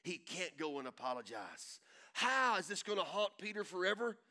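Bright-voiced man preaching with dramatic swells. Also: high voice, sing-song, normal speed. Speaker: pastor. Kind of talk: sermon.

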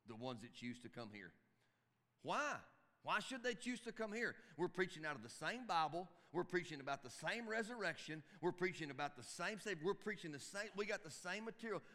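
A man's voice: fairly high pitch, lively intonation, fairly quick, sharp tone. A man preaching to church volunteers in a folksy, emphatic way, often repeating his phrases. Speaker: pastor. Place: church sanctuary. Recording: long reverb of a church hall.

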